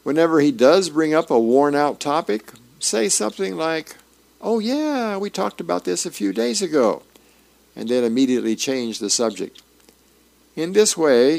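A man's voice: medium pitch, vocal fry. A man who is a volunteer reader, reading newspaper columns and comic strips aloud for a radio reading service in an easygoing way, with the odd filler. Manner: unhurried, homey reading with small fillers and restarts.

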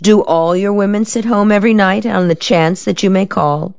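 A woman's voice: medium pitch, normal speed, gravelly, darkish tone, dry recording, voice pushed up, natural voice. Woman reader as a young heroine, mocking drawl, evasive, dry lo-fi recording. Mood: teasing.

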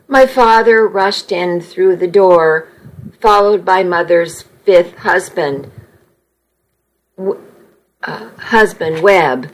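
A woman reading a first-person story aloud in an unhurried way, now and then correcting a slip. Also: on the low side, low-quality recording. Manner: unhurried, occasional slips and self-corrections. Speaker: narrator.

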